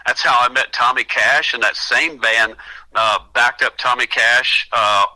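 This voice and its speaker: A man's voice: mid-range voice, fairly even intonation, unhurried, pushed and bright, poor audio. An older man, a singer guest, telling rambling stories in a casual radio interview, often acting out what others said. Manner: rambling anecdotal storyteller with restarts and quoted voices.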